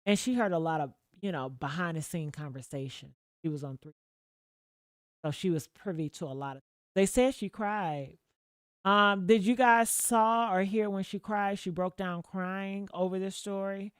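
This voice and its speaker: A woman hosting a livestream, chatting casually with her viewers in a profane, gossipy way with sudden loud outbursts. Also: mid-range voice, moderate pace, smooth, dry recording, studio quality. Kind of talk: casual gossip commentary to a live chat.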